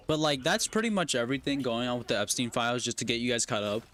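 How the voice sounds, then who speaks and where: A man's voice: medium pitch, fairly bright tone, a little hiss or hum. Rambling man tagging everything with "right?". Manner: rambling, asks "right?" and "you know what I mean?" constantly. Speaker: gaming streamer. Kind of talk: casual chat while gaming.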